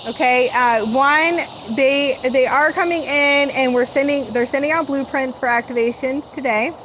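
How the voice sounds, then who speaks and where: Female host, rather high voice, dreamy and gushing channeling talk, faint hiss behind. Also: steady tone, normal speed. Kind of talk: live spiritual channeling talk.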